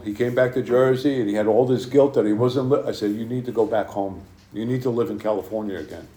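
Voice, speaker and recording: A man's voice: medium pitch, dark tone, reverberant. A man speaking at a recovery meeting, telling a personal story to the group in a blunt, conversational way with lots of fillers.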